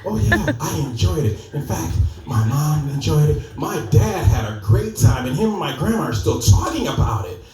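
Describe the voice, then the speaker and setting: A woman's voice: deep voice, very animated, moderate pace, hardly any pauses, darkish tone, far from the mic, soft background music, voice pushed up. A man voicing a glamorous, well-off young woman, eager and friendly, in an echoey club room.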